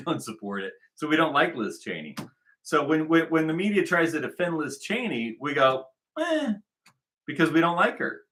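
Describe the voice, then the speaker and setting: A man's voice: medium pitch, pushed and bright. Sarcastic rambling American man. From United States. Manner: sarcastic, rambling, repeats phrases. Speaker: political commentator reacting to news clips. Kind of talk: sarcastic casual commentary.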